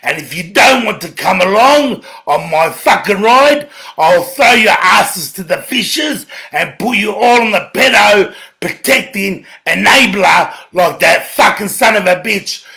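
An Australian man in an angry, profane monologue to camera, dropping to low mutters, then shouting. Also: lively intonation, slow, gravelly. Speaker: video ranter.

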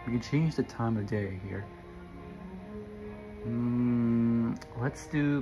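Gravelly young man rambling over gameplay. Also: medium pitch, takes it slowly, highs cut off, music in the background. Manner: rambling, self-correcting, addresses viewers. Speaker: gamer. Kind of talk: casual gameplay commentary.

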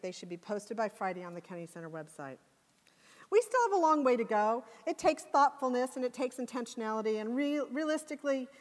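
A woman giving a passionate, emphatic conference talk. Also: fairly high pitch. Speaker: conference speaker. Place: conference hall. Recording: long hall reverb.

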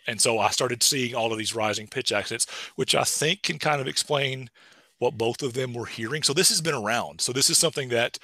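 A man giving a casual, animated seminar talk as a linguistics lecturer, full of lively rising pitch. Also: no echo. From East Tennessee.

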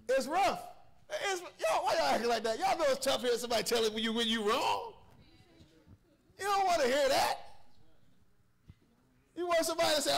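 High-voiced preacher man working the congregation. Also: expressive, moderate pace, gravelly, pauses often, a bit bright. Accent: Southern US, Georgia. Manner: call-and-response preaching with congregation, playful and teasing. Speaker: pastor. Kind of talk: sermon. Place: church sanctuary.

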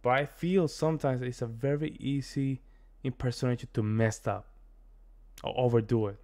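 American man, reaction video host, casual rambling commentary, lots of fillers, mid-pitched voice. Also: steady tone, moderate pace, darkish tone. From United States. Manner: rambling, repeats himself, many fillers.

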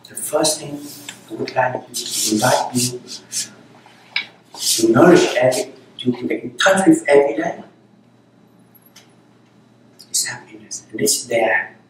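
A man's voice: mid-range voice, a little slow, long pauses, background noise. A man giving a dharma talk as a Zen teacher, speaking unhurriedly in short, repeated phrases. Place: meditation center hall. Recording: very echoey hall, voice from far off.

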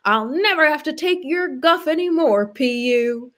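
A plain-spoken rural laborer with a put-on Arkansas drawl, voiced by a woman. The voice sits high and swings widely, and the folksy lines come out like a comic read-through. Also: expressive, unhurried, a bit bright.

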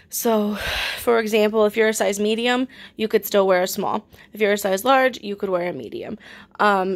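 A young woman chatting casually at home as she shows items for sale, describing each one with lots of fillers. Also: mid-range voice. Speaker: online reseller. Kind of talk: casual live-sale vlog.

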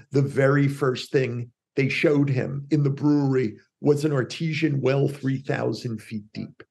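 A man with a gravelly, somewhat husky voice tells a story as a podcast guest. He slips into the voices of the people in his anecdote and keeps the telling lively. His voice sits at a medium pitch. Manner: animated storyteller voicing quoted characters. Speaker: podcast guest, differentiation expert. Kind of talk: storytelling in an interview.

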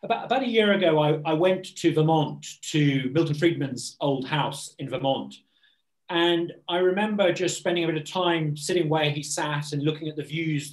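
A man's voice: on the high side, echoey room. A man from Britain, a think tank president, speaking earnestly and eagerly as a guest on a video call interview, often restarting his words.

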